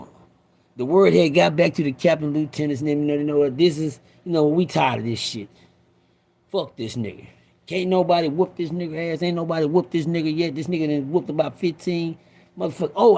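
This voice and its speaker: A middle-aged man tells a story to his livestream audience in a loose, profane, animated way, stopping now and then to speak to the viewers. His voice sits a little high and has a gravelly edge. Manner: profane, rambling, animated, breaks off to talk to viewers. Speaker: storyteller addressing live viewers.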